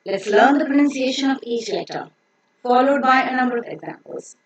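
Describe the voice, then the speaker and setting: A woman teaching pronunciation in a slow, deliberate lesson, repeating each word for learners to copy. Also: high-pitched, lo-fi sound, a crowd in the background. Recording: echoey room.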